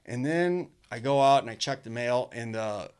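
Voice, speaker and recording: A man's voice: mid-range voice, lively intonation, moderate pace, a little mellow, clean tone. A man telling his life story as a podcast guest, blunt and profane, rambling with restarts and lots of "dude" and "like". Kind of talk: casual storytelling.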